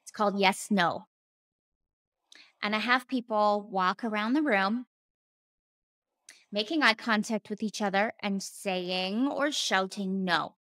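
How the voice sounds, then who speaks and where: A woman's voice: medium pitch, slow, pauses often, a bit bright, no echo, clean studio sound. A woman hosting a podcast, a former therapist speaking in an earnest, emphatic reflective monologue, stressing points by repeating words and sometimes laughing or swearing casually.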